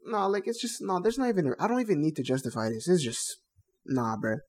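A man's voice: fairly high pitch, big pitch swings, brisk. A young man co-hosting a casual podcast, talking bluntly in heavy slang and repeating phrases for emphasis. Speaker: podcast co-host.

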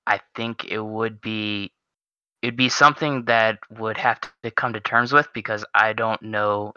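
A young man with a very sharp, bright tone and a mid pitch rambles through his thoughts, hesitating and restarting. His voice sounds dry and close. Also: no room sound, dull audio. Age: young adult. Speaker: podcast co-host. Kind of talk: casual chat.

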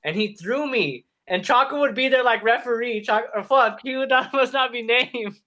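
With an extremely high pitch at normal speed, a young man co-hosting a podcast laughs his way through a profane, animated story among friends.

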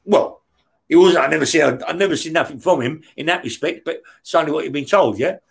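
A former prisoner from West London speaks fast in a gravelly, husky voice that's a little high. Interviewed as a guest, he tells his story in casual London-accented talk full of swearing and "yeah?" check-ins.

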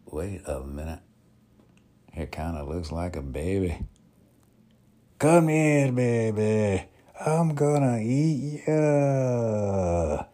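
A man voicing a loud, greedy, heavyset man with a Scottish accent, drawn out and gloating. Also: lowish voice, very slow, long pauses, voice pushed up.

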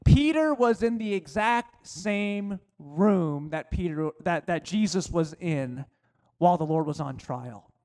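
A male pastor delivers a sermon in a high voice. He slows his pace and leans hard on key phrases, and his voice drops low at the ends of lines. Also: lively intonation, darkish tone. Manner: preaching with slowed, emphatic phrases and dropping to a low voice for quotes.

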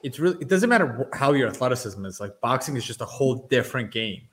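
A man co-hosting a casual sports and trading-card chat, explaining his points eagerly and in an animated way. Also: mid-range voice, fast talker. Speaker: co-host.

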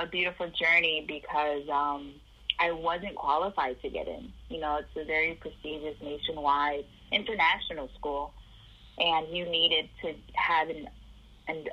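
A woman's voice: low-pitched, fairly even intonation, moderate pace, bright, forceful tone, highs cut off. A woman from the Chicago area telling her life story in an interview, acting out the voices of the people in it.

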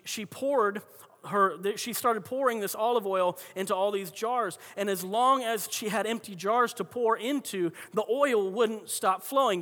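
A man preaching a sermon with a high, bright, forceful voice. He tells stories conversationally and keeps restarting his sentences. A long hall reverb hangs behind every phrase. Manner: conversational storytelling with frequent restarts. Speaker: pastor.

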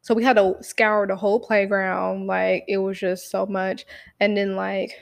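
Profane, animated young woman telling a story. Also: mid-range voice, unhurried, gravelly. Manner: profane, animated, full of fillers and acted quotes. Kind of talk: casual storytime monologue.

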